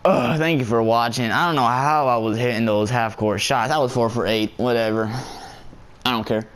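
A young man's clean, mid-range voice moves at a moderate pace as he casually comments on a basketball game for his viewers. This gameplay YouTuber is excitable and giggly, laughing frequently and talking in slang.

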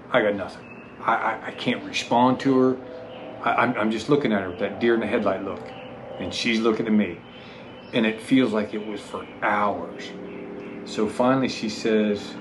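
A man's voice: mid-range voice, a little hiss or hum, poor audio. A man telling the story of his motorcycle rally in a casual, self-deprecating way, stumbling over his words and restarting often.

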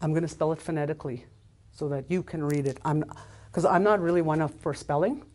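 Older woman, low voice, informal language teacher, halting delivery with many restarts, repeats syllables slowly. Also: a little mellow. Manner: halting, loses her place and restarts often.

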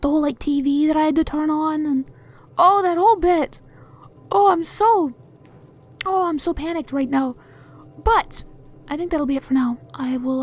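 A woman whose voice sits high hosts a let's play, giving relaxed gameplay commentary. Her reactions are excitable and jumpy, she keeps restarting, and she occasionally whispers softly.

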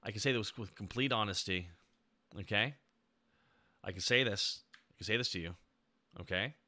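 Very bright-voiced goofy male streamer. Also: normal speed. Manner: goofy and playful, jumping between loud bits and low mumbling asides. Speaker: VTuber streamer. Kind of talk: casual live-stream chat.

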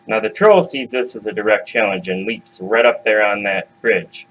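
A man hosting a grown-up storytime, narrating in a slangy, swaggering, profane way with sudden loud bursts. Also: on the low side, moderate pace, few pauses, rough recording. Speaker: storyteller and host. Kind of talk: casual adult storytime narration.

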